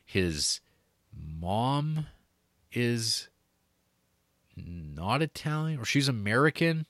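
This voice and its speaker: A man chatting casually about a film as a podcast co-host, animated and laughing as he acts out lines. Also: medium pitch, drawn-out words, dry recording, clean studio sound. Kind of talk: casual chat.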